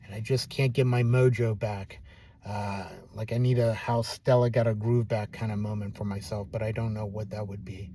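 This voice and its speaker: A man's voice: on the low side, level tone, normal speed, warm tone, a little hiss or hum. A middle-aged man recording a personal video diary, speaking in a downcast, self-deprecating, musing way. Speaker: vlogger.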